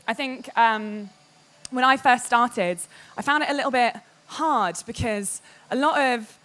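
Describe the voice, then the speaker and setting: Woman, public talk, animated, candid, slightly high voice. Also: measured pace. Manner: animated and candid, quotes others in lively voices. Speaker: games media speaker giving a talk.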